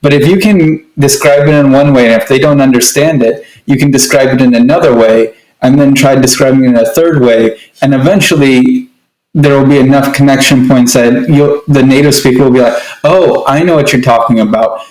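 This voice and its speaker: A man's voice: medium pitch, steady tone, brisk, darkish tone. A man co-hosting a casual conversation, explaining at length with frequent restarts. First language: English. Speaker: co-host. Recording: echoey room.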